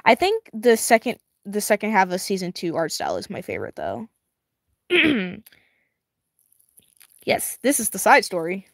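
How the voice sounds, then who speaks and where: Giggly excitable woman, lively pitch. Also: a little slow, gravelly, pauses often, no echo, clean studio sound. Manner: excitable, giggly, slangy, talks to viewers. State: strained, tiring voice. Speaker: webtoon reader and reactor. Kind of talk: casual reaction reading.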